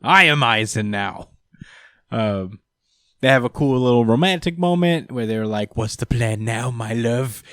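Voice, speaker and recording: A man's voice: mid-range voice, lively intonation, unhurried, fairly bright tone, no room sound, clean studio sound. A man co-hosting a podcast, casually recapping a comic with fillers and jokey quoted voices. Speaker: podcast co-host.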